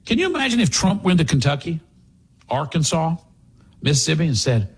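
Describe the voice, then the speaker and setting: A man hosting a radio talk show, giving sarcastic, animated political commentary. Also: on the high side, a little fast, pauses often, slightly rough.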